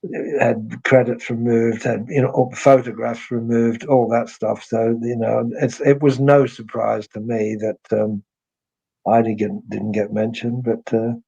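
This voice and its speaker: A guest musician, a man, talks over a slightly dull, lo-fi remote line. He speaks at a medium pitch, unhurried and reflective, and often starts a thought by repeating a word. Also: little pitch movement, creaky, warm tone, breathy edge. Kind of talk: casual interview conversation.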